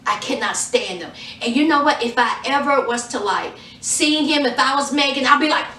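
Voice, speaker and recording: A woman reviewing a reality show in a casual vlog, telling the story in an animated, sassy way. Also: sits high, normal speed, far from the mic. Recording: echoey room, off from the mic.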